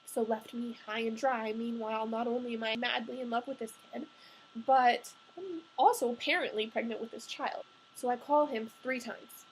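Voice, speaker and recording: A woman's voice: on the high side, fairly even intonation, moderate pace, slight background noise, rough recording. A young adult woman telling a personal story in a candid, confessional way, chatty and full of "like" fillers.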